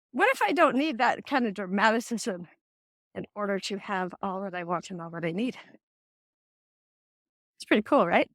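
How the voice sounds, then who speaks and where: A woman's voice: on the high side, fairly bright tone, dry recording, clean studio sound. A middle-aged woman hosting a casual faith-based talk, telling stories with animation and acting out the voices she quotes. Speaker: host.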